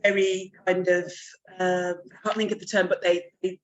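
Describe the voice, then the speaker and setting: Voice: mid-range voice, flat delivery, normal speed, highs cut off. A podcast host asking probing questions and cutting in during a conversational interview.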